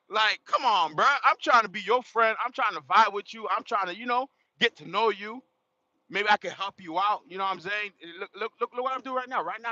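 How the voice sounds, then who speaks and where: Animated slangy man, bright lo-fi voice. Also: high-pitched, no echo. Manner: animated, slangy, laughs and exclaims often. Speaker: livestream host. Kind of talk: casual storytelling to a livestream chat. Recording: dull lo-fi sound.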